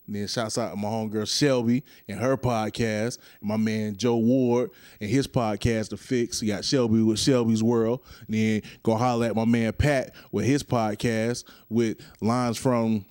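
A man's voice: mid-range voice, darkish tone, clean tone, dry recording, clean studio sound. A young man hosting his own podcast in a loose, rambling way, joking with himself and his listeners. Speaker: podcast host. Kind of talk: casual solo podcast monologue.

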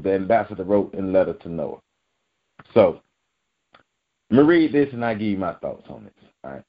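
A man with a low voice reads a news article aloud for his vlog. He breaks in often with blunt, profane, emphatic commentary. The recording is slightly dull and lo-fi. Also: normal speed. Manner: blunt, profane, emphatic asides between read-out passages. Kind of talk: reacting to a news article on camera.

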